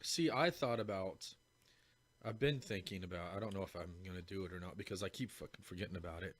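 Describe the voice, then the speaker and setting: Blunt, low-voiced man in casual banter. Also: quick pace. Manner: blunt, profane, joking. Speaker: lawn care worker, show regular. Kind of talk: casual chat.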